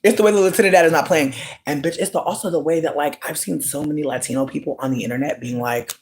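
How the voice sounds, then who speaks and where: This is a dramatic, expressive ranter on a casual live stream who swears a lot and addresses viewers as sweetie. Their delivery lurches through big pitch swings, sudden squeals, and stretched-out words.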